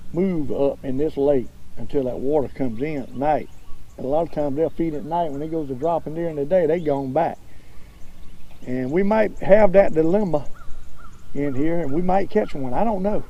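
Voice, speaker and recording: An older man with a Southern accent, hosting a fishing show outdoors on a lake, talking in a folksy, drawling way and getting excited over each catch. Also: fairly high pitch, highs cut off, slight background noise. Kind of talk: casual fishing commentary.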